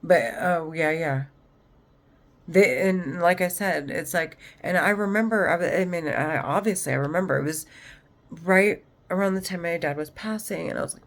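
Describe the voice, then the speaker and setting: A woman's voice: on the low side, moderate pace. A woman and mother talking to camera in an agitated, rambling personal monologue, swearing heavily and restarting often. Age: adult, mother of children. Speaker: vlogger.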